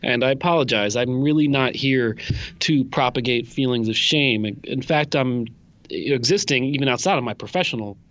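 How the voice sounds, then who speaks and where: A man's voice: mid-range voice, moderate pace, fairly bright tone, no room sound. Dry-humored man with dull sound. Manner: dry, mock-solemn humor. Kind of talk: casual chat.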